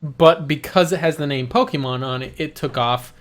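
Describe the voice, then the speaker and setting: A man hosting a casual gaming podcast, talking in an animated way, swearing freely and laughing as he talks. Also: fairly high pitch, moderate pace. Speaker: podcast host.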